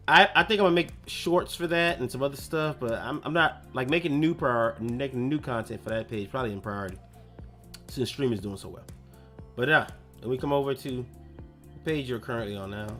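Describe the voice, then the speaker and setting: A man's voice: medium pitch, a bit bright. A young man chatting casually on his gaming live stream, loose and slangy, rambling between topics. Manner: loose, slangy, rambling, lots of self-talk. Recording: faint music behind.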